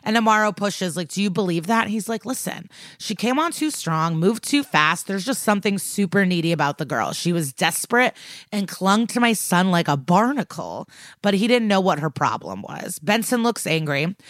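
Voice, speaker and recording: A woman with a slightly low voice chats through a TV episode recap as a podcast co-host. She retells scene after scene briskly and tosses off the characters' quotes in passing. The sound is close and dry. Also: expressive, no echo. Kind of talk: casual chat recap.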